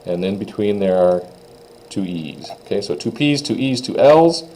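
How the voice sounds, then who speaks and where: A man's voice: lowish voice, big pitch swings, normal speed, mellow, poor audio. A man from Minnesota teaching a beginner French lesson, patiently explaining phrases and modeling pronunciation. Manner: patient, plain-spoken, models pronunciations in a raised voice. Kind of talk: recorded classroom lesson.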